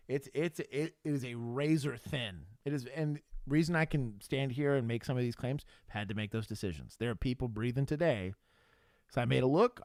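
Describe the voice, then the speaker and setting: Blunt, swearing former cop on a livestream. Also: male voice, mid-range voice, no room sound, clean studio sound. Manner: blunt storytelling with profanity and frequent laughs. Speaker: livestream co-host, former police officer. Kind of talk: casual livestream chat.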